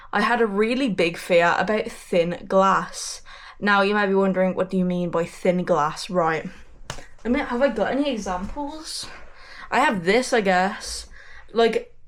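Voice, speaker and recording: A woman chats casually to her camera at a middle pitch, vlog-style and unpolished. She rambles and restarts her sentences, swears without a second thought, and speaks bluntly. She sounds like she is sitting in an ordinary room at home. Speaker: vlogger. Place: messy bedroom indoors.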